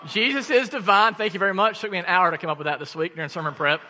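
A male pastor preaching a sermon, telling stories in an animated way with frequent laughs and sudden loud bursts. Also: on the high side, racing, big-room sound, a little hiss or hum.

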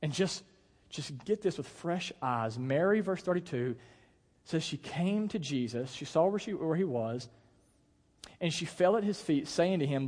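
A man's voice: a little high, expressive, a little slow, a little mellow, long reverb tail. An American man, a pastor, giving a sermon in a casual, conversational way with lots of fillers. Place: church auditorium.

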